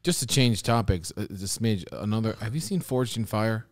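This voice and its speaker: Man co-host, casual chat, lively pitch, jokey. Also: moderate pace. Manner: animated, storytelling, jokey. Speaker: podcast co-host.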